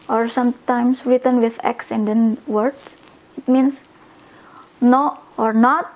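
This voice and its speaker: Slow high-voiced woman teacher. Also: fairly even intonation, lo-fi sound. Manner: slow and deliberate, repeating words for learners. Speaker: language teacher. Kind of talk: slow explanatory language lesson.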